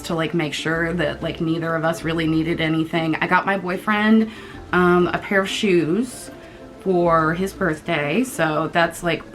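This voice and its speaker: A young woman from the United States, casually telling a storytime vlog in an animated, chatty way and swearing freely. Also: lowish voice. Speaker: vlogger.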